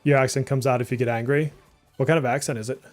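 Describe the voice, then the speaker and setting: A man's voice: medium pitch, steady tone, fast talker, soft background music. A man from Massachusetts with a speech impediment and a mild Massachusetts accent that slips through on some words, giving rambling, casual live-stream commentary while he plays, full of "like" fillers. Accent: mild Massachusetts, slipping through on some words. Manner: chatty and rambling, many "like" fillers, reacts aloud to the game. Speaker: game streamer.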